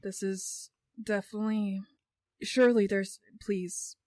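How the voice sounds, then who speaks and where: A woman's voice: medium pitch, fairly even intonation, measured pace, mellow, no room sound, natural voice. Woman as a flustered, apologetic male elf, tabletop role-play, dry mic. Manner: hesitant, apologetic, trailing off.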